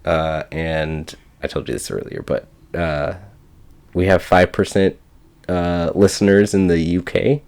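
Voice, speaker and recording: A young man with a very deep voice co-hosts a relaxed podcast chat. He rambles, stops and restarts, and slips into quick voices when he retells a story. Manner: rambling, restarts, acts out quotes. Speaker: podcast co-host. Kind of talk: casual chat.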